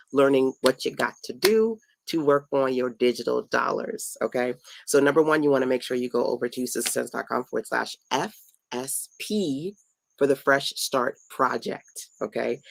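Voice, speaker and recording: A woman's voice: rumbling low, creaky, dry recording, poor audio. Tired, playful woman hosting a late live. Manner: chatty and playful, talks to viewers and family mid-stream. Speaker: online business coach hosting a live stream. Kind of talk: casual late-night live teaching. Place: home at night.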